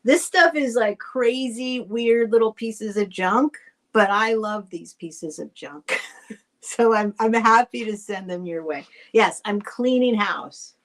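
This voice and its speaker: A middle-aged woman with a slightly high voice speaks slowly while selling items on a live stream. She rambles casually and thanks buyers by name.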